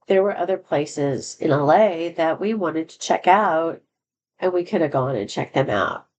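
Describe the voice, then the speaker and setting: Low-voiced woman telling a candid story. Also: normal speed, a little mellow, a little hiss or hum, poor audio. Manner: rambling, candid, with frequent fillers and restarts. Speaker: vlogger telling a personal story. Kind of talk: casual storytelling monologue.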